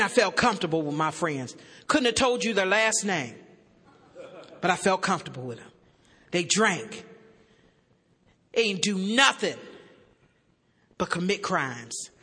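A woman giving a humorous testimony to an audience as a recovery meeting speaker, animated and joking with bursts of shouting. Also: medium pitch, slow pace, long pauses. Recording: echoey hall.

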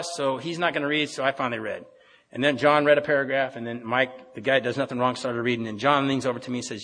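A man's voice: mid-range voice, fast talker, fairly bright tone. A middle-aged man giving an earnest, rambling personal recovery talk at a meeting, with many restarts. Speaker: AA speaker. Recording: long hall reverb.

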